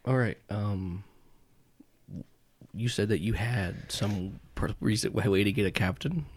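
A man's voice: fairly low pitch, unhurried, no echo. A man narrating a tabletop role-playing game as game master in a loose, chatty way.

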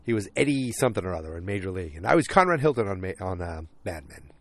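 A man's voice: low voice, big pitch swings, fast talker, fairly bright tone, dry recording. A man casually recapping a TV episode, rambling with lots of fillers and acting out the characters' lines. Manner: rambling, full of fillers, acts out quotes.

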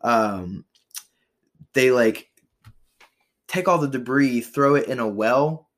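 A man's voice: mid-range voice, takes it slowly. A young man hosting a podcast, chatting loosely about history trivia with frequent fillers and profanity. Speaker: podcast host.

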